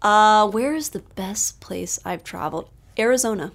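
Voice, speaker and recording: A woman from Charleston, chatting as a podcast guest in an animated storytelling way, with lots of "like.". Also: mid-range voice, normal speed, gravelly, a loud crowd. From Charleston, South Carolina, US. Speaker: podcast guest, special projects lead. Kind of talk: casual chat.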